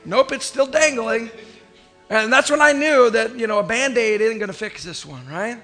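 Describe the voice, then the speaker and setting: A man preaching in church. His voice sits high and bright, pushing forward with force as he tells a personal story with animated, emotional delivery. Soft music plays faintly underneath. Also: normal speed. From Oklahoma. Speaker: pastor.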